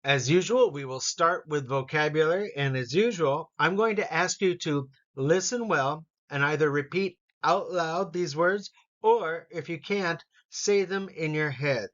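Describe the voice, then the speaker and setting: A man teaching an English vocabulary lesson, saying each word slowly and repeating it for learners. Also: fairly high pitch, fairly bright tone, dull audio. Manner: slow, careful pronunciation drills with repetition.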